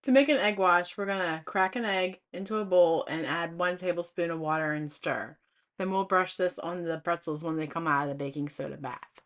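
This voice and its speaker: A middle-aged woman hosting a home cooking video, calmly walking through each step in a friendly, instructional way. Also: fairly low pitch, normal speed. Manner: friendly instructional, talks with mouth full. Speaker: cooking channel host.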